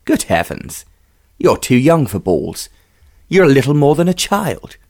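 A man reading aloud, voicing a tall, youngish gentleman who speaks curtly and commandingly, with a disagreeable note. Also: medium pitch, sing-song, measured pace, pitched above the performer's own voice. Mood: impatient. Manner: curt, commanding.

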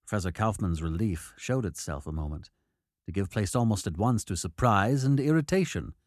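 A man's voice: on the low side, normal speed, no room sound, studio quality. A man narrating a period novel as an audiobook, switching into character voices. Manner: expressive storytelling, doing character voices.

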